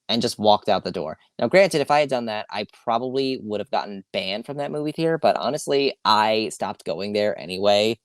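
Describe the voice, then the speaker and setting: A man's voice: fairly low pitch, expressive, brisk, hardly any pauses, no room sound, studio quality. A man from Long Island hosting a podcast alone, ranting casually, swearing freely, sighing and correcting himself as he goes. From Long Island, New York. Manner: rambling, swearing, self-correcting, with sighs. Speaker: podcast host. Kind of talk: casual solo podcast rant.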